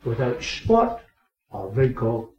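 A man preaching a sermon, swinging between raised emphasis and quiet asides. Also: medium pitch, very animated, slow pace, a little hiss or hum. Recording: echoey, distant, muffled recording.

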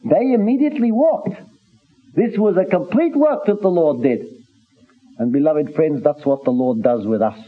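A man preaching a sermon in an earnest, halting way, with many restarts, reading scripture in old-fashioned phrasing. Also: a little high, breathy edge. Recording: tinny phone-like recording.

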